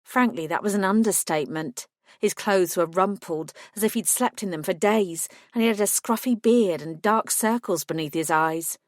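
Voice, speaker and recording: A woman narrating a first-person audiobook in a steady, clear storytelling voice. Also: mid-range voice, moderate pace, dry recording, studio quality.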